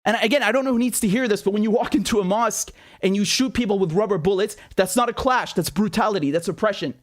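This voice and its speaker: Male host, high voice, heated monologue, rhetorical questions. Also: fast talker. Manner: indignant, fires rhetorical questions. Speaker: political commentator. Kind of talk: impassioned political commentary.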